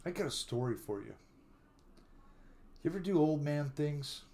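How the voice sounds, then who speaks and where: A man's voice: on the high side, lively intonation, dark tone. An older man hosting a live stream, telling stories in a casual, drawling way and greeting viewers by name. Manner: chatty storyteller who greets viewers by name; drawling, unhurried talk.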